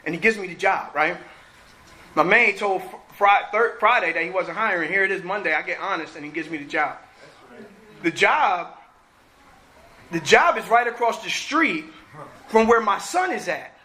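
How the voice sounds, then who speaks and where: A middle-aged man from New Jersey sharing his personal recovery story at a meeting, animated and acting out what people said. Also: high voice, normal speed, pauses often. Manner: animated storytelling, acts out quotes.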